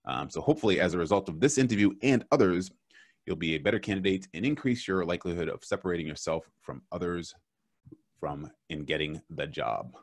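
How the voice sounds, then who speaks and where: A man's voice: low-pitched, a little fast. A man with a Boston accent hosting a podcast interview, chatty, with restarts and fillers. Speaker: podcast host. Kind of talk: casual interview.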